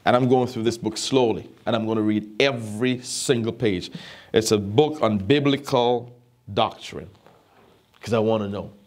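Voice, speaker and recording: A man's voice: on the low side, normal speed. Emphatic man preaching a sermon. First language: not English. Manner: emphatic, repeats phrases, asks the audience if they are listening. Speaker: pastor.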